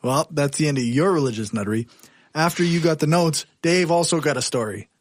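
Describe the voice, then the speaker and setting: A man's voice: fairly high pitch, brisk, a little hiss or hum. A man co-hosting a casual podcast, agreeable and often laughing. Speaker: podcast co-host. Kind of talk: casual chat.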